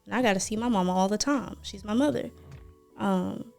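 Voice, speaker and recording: A woman talking on a podcast in a measured, thoughtful way, pausing with ums as she shares. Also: medium pitch, gravelly, darkish tone, faint music behind. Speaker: podcast co-host. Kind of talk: casual reflective podcast chat.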